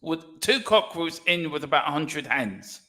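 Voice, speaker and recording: Lively jokey man hosting a sports chat. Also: a little high, moderate pace. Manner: jokey, energetic. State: sore throat. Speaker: livestream co-host.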